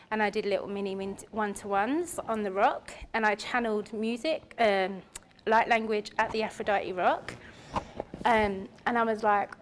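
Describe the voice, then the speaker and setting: A woman, telling a personal story on stage in a chatty, animated way. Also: mid-range voice, slight background noise. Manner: chatty and animated, with filler words. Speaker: spiritual speaker at an expo. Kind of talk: casual personal storytelling talk. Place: expo hall stage.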